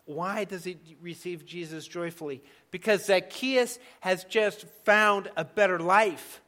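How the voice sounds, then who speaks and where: A man preaching a sermon in a conversational, emphatic way, dropping to soft asides now and then. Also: sits high, measured pace. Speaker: pastor.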